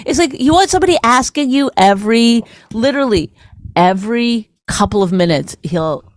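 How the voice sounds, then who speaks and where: A woman's voice: on the high side, lively intonation, moderate pace, dry recording. Teasing woman in dry comedy banter. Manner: teasing, does mocking impressions of her husband. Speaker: podcast co-host.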